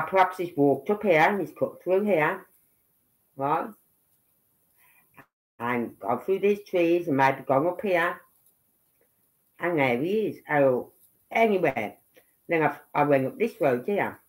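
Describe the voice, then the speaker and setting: A woman from England with a Birmingham accent, chatting casually on a livestream and thinking aloud as she goes. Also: on the low side. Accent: Brummie (Birmingham). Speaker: livestream commentator.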